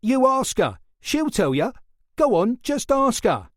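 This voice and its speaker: A man's voice: on the high side, very animated, unhurried, dry recording, studio quality, pitched above the performer's own voice. A man voicing an anxious, indignant young man under police questioning, in a whiny, protesting voice. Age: young adult.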